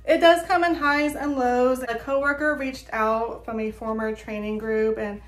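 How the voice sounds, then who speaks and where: A woman's voice: on the high side, fairly even intonation, measured pace. A young woman talking casually to camera in a vlog, chatty and full of fillers. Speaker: vlogger. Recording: echoey room.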